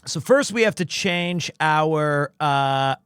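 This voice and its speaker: A young man streaming live, chatting casually with his viewers in an animated, joking, self-deprecating way. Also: fairly high pitch, slow, clear, resonant tone, no echo, studio quality.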